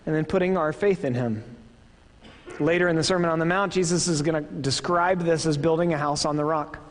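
A man in his thirties with a Midwestern accent, preaching a sermon in an earnest, conversational way and asking the congregation questions. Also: on the high side. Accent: Midwestern American. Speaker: pastor. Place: church hall. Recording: long reverb of a church hall.

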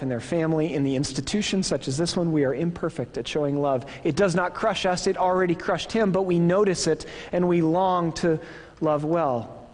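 Man, midwestern accent, pastor preaching, rather high voice, long hall reverb. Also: darkish tone. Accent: Midwestern American. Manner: earnest, conversational preaching with rhetorical questions. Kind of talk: sermon. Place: church hall.

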